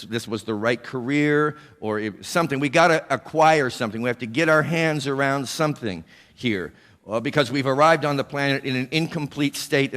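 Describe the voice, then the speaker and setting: Male minister giving a sunday sermon, kinda high voice, playful, lots of questions at the crowd, big church echo. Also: a bit bright. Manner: playful, asks the congregation rhetorical questions. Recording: long hall reverb.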